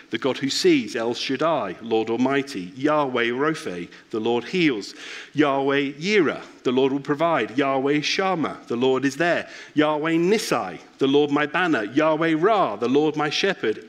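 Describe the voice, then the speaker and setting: Reflective man giving a sermon. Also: medium pitch. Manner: reflective, personal storytelling. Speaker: pastor.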